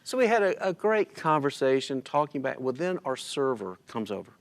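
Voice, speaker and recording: Storyteller: middle-aged man, average pitch, conversational and animated, plays out others' lines. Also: fairly quick, slight background noise. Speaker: guest telling a personal story.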